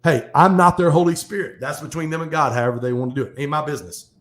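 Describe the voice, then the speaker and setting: A man speaking as a guest in a casual podcast conversation, talking in an animated, fast, motivational way. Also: a little high. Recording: echoey room.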